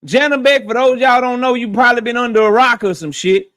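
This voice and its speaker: A man's voice: very high voice, fairly even intonation, fairly quick, fairly bright tone. A young man hosting a boxing talk show, blunt and profane, repeating lines for emphasis. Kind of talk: casual opinionated commentary.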